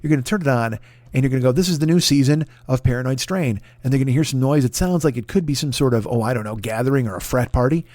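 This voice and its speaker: A man's voice: mid-range voice, quick pace, a little mellow, no room sound. Profane rambling man plugging a podcast. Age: 40s. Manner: profane, rambling, mock-boastful. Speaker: podcast host. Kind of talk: casual comedic podcast plug.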